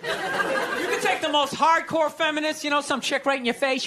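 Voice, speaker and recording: A man's voice: extremely high pitch, fairly even intonation, moderate pace, crowd noise, noisy background. A man from the United States doing a stand-up set on stage, sarcastic, mocking and profane. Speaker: stand-up comedian. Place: stage at a live show.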